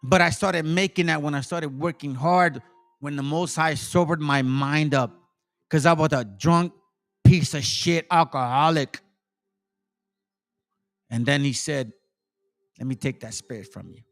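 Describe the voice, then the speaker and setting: A man's voice: fairly high pitch, measured pace, long pauses, fairly bright tone, faint music behind. A man, a channel host, delivering an angry, profane rant full of sarcasm and repetition. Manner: heated, cursing, sarcastic, repeats himself. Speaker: channel host, insurance seller.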